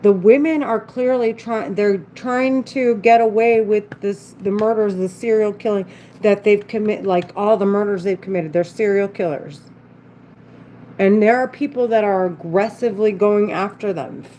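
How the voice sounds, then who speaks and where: A woman's voice: mid-range voice, moderate pace, warm tone, slight background noise, low-quality recording. A woman talking alone in an unscripted monologue, agitated and rambling, with frequent swearing and broken-off sentences. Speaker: vlogger.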